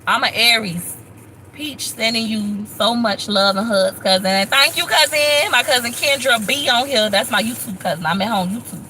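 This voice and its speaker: Bright-voiced chatty woman vlogger. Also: a little high, moderate pace, slight background noise, rough recording. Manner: chatty, shouts out thanks to viewers. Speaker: YouTube vlogger on a live stream. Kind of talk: casual live-stream chat.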